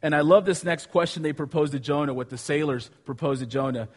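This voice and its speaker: A man preaching a sermon with animated storytelling, asking his listeners questions. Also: on the high side, fast, slightly rough. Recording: long hall reverb.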